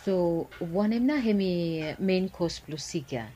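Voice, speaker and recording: A woman's voice: fairly low pitch, animated, unhurried, warm tone, a little hiss or hum. A woman interviewing a guest, mostly offering short prompts and follow-up questions. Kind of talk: casual conversation.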